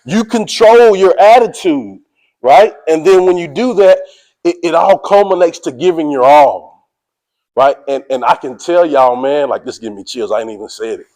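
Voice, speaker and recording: A high-pitched man gives a fired-up motivational talk to a team. He talks in casual slang, says "y'all", and keeps calling out to his listeners to make them pay attention. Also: normal speed, rough recording. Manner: energetic, preachy, calls out to listeners. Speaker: motivational speaker.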